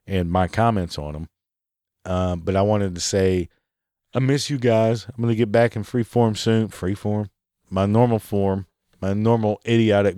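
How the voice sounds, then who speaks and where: Profane ranting man, low voice. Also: darkish tone, no echo, clean studio sound. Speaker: podcast host. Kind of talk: solo podcast rant.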